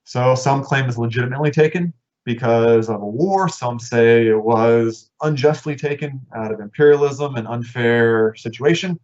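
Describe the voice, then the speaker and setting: A man giving a casual history lecture, talking conversationally and voicing people's thoughts in quick asides. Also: medium pitch, a little mellow. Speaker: history teacher. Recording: dull lo-fi recording.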